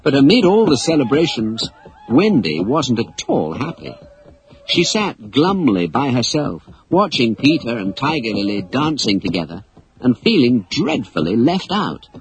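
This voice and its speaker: Animated male storybook narrator. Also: medium pitch, a little slow, poor audio. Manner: animated, expressive read-aloud.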